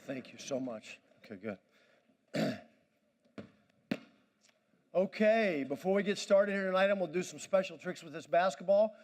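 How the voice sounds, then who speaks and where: A man's voice: sits high, animated, moderate pace, long pauses, a little mellow, a little hiss or hum. A man giving a motivational speech at a banquet, commanding and pumping up the audience. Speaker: motivational speaker. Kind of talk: energetic crowd-directed speech. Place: banquet hall.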